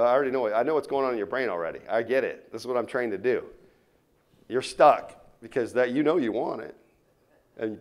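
A man giving a motivational keynote to a live audience, telling stories and swinging between loud punches and quiet asides. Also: mid-range voice. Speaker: keynote speaker. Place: conference room before a live audience.

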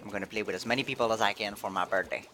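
A man streaming a video game live, chatting playfully and excitedly. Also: lowish voice, racing, slight background noise. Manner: playful, excitable, switching between English and French. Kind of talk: casual live-stream commentary.

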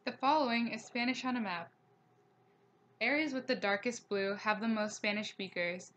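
A young woman teacher narrates a recorded slideshow language lesson, reading each slide aloud at a steady pace and slowing down for pronunciation notes. Her voice is on the high side, and there's a little hiss or hum.

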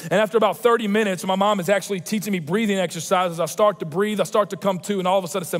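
A man, preaching a sermon as pastor with animated, emphatic personal storytelling. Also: high voice, very fast. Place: large church auditorium. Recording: long reverb of a church auditorium.

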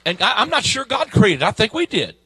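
Man, preaching a sermon, very high pitch, husky breathy edge, shouts then drops low. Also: wildly swooping pitch, a little fast, no echo. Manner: fervent preaching, swings from shouting to quiet, folksy grammar. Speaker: guest preacher. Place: church service.

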